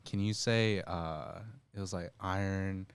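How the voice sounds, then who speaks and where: A man co-hosting a casual livestream chat, easygoing and quick with short replies. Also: deep voice, steady tone. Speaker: co-host.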